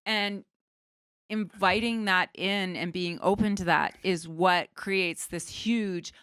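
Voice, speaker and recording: A woman's voice: on the low side, fairly even intonation, slow, fairly bright tone, smooth, no room sound, clean studio sound. Earnest spiritual-minded woman artist. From Canada. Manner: earnest, spiritual, enthusiastic, talks of energy and vibration. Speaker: artist guest. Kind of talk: casual chat.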